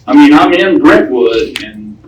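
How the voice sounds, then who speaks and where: Man in recovery telling his story, folksy and plain-spoken, mid-pitched, heard from off-mic in an echoey room with faint noise. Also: lively intonation, measured pace, far from the mic. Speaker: recovery speaker. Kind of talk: personal recovery talk to a group.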